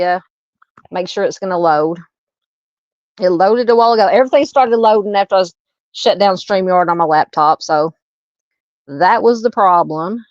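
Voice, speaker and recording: A Southern U.S. woman with a medium-pitched voice hosts a true crime livestream, greeting viewers by name and laughing at her own slip-ups before she reads a case. The recording is muffled and has no echo.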